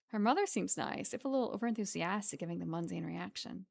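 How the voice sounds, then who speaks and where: A woman's voice: mid-range voice, expressive, quick pace, gravelly. A woman streamer reading a visual novel aloud and commenting between lines in a casual way.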